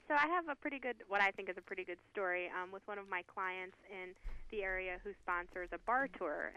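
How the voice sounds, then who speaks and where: Woman calling in, lowish bright voice, friendly storytelling. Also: low-quality recording. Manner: friendly, tells a story plainly. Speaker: caller. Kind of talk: phone call to a radio show.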